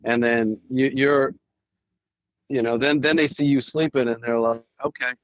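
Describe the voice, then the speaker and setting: A male podcast host telling stories in a relaxed back-and-forth, slipping into quoted voices as he goes. His voice sits at a middle pitch and sounds dull and lo-fi, recorded dry with no room echo. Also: unhurried. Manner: storytelling, acts out quoted dialogue. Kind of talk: casual conversation.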